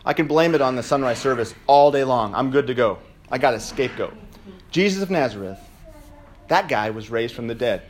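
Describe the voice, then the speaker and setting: A male pastor preaching an Easter sermon in a church, swinging between shouted declarations and quieter, joking asides. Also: medium pitch, animated, brisk, a little hiss or hum.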